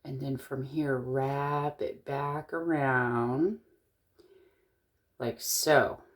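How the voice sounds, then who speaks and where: A woman's voice: rumbling low, steady tone, drawn-out words. A middle-aged woman from Eastern Washington, chatting casually and thinking aloud as she shows a wire-wrapping craft, with the odd corny joke. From Eastern Washington, USA. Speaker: jewelry-making tutorial host.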